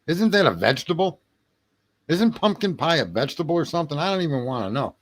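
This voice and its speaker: Rambling, lively-voiced man. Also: on the high side, fast talker. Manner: rambling, profane, jokey banter with chat. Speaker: livestream host reading chat. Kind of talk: late-night casual livestream chat.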